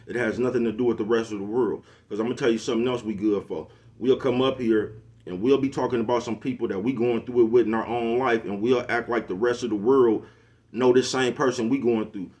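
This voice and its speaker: A middle-aged man, giving a preachy casual monologue to camera and constantly asking if you know what he's talking about. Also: medium pitch. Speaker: social media commentator.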